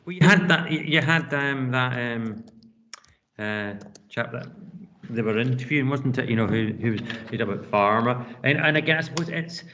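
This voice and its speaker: A man's voice: mid-range voice, normal speed, pushed and bright. A male teacher leading a classroom discussion, rambling and restarting his sentences. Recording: dull lo-fi classroom recording with faint noise.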